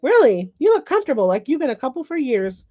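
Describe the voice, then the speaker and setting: A bubbly, forward married woman who chats freely with strangers, read by a woman author. Her lines rise a little higher and louder than the narration. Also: big pitch swings, fast. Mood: chatty.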